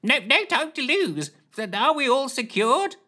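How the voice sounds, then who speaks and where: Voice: high voice, sing-song, unhurried, sharp tone, voice pushed up, full character voice. A narrator voicing a flustered, fussy male rocket captain who stammers through ums and uhs. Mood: urgent.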